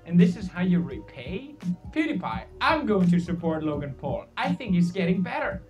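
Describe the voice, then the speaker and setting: A man's voice: high voice, sing-song, moderate pace. A man giving comedic news commentary with sarcastic, mock-outraged jokes. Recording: distant voice over loud music.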